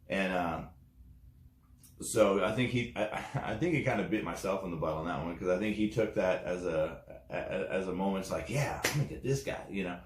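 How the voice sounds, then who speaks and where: A man's voice: sits low, brisk, echoey room. A man telling his testimonial story casually, rambling with many fillers and acting out the dialogue he quotes. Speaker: network marketing distributor.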